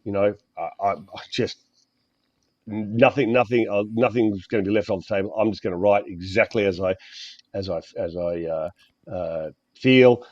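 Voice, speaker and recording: Man, Australian accent, middle-aged, low-pitched, rambling, halting, swears often, muffled dry recording. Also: darkish tone, dry recording. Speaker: guest author. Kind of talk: casual podcast interview. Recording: dull, dry lo-fi audio.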